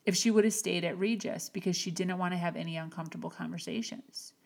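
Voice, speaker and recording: A woman hosting a podcast, giving an earnest, encouraging motivational talk with slow, emphatic phrasing. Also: fairly low pitch, fairly even intonation, vocal fry, a little mellow. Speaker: podcast host. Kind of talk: motivational monologue.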